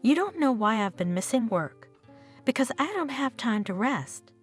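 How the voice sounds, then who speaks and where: Short-tempered grown son and husband, resentful, voiced by a woman storyteller, animated. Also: a little high, normal speed, husky, faint music behind. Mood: angry. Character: irritable married man, grown son.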